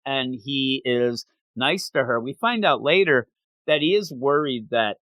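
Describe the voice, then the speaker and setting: A man's voice: medium pitch, lively intonation, measured pace, fairly bright tone, dry recording. A man co-hosting a manga review podcast, retelling the story in casual chat and acting out the characters' lines.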